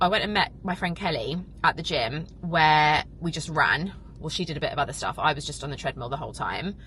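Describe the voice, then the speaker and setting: A young woman chatting to her camera, gushing and a little emotional, rambling through fillers as she talks. Her voice sits low but sounds bright and forceful. A faint hiss of noise runs underneath. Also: low-quality recording. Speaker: vlogger and podcast host. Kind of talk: casual vlog chat to camera.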